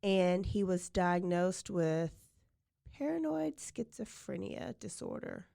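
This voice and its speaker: A woman's voice: fairly low pitch, big pitch swings, takes it slowly, vocal fry, warm tone, no echo, studio quality. A woman hosting a podcast, casually retelling a true-crime case and saying "like" often. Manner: chatty, fills with "like" often. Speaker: podcast host.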